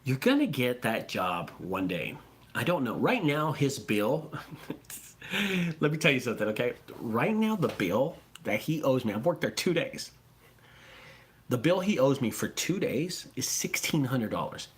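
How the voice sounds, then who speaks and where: A man who runs a junk removal business, talking casually and excitably to his viewers, swearing freely and repeating himself. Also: mid-range voice, unhurried. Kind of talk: casual profane vlog talk.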